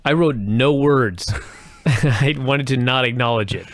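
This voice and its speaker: A man co-hosting a casual podcast, talking bluntly with crude, deadpan complaints. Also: mid-range voice, slow, no room sound, clean studio sound. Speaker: podcast co-host.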